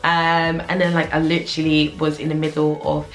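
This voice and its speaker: A woman's voice: low-pitched, monotone, brisk. A young woman, a junior doctor chatting candidly to camera in a casual vlog, with lots of "like". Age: 20s. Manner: candid, chatty, heavy use of "like". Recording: roomy echo with faint music.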